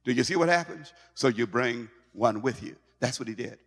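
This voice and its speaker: A male pastor preaching a sermon in an animated way, stumbling over and repeating words as he goes. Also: mid-range voice, moderate pace. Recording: long hall reverb.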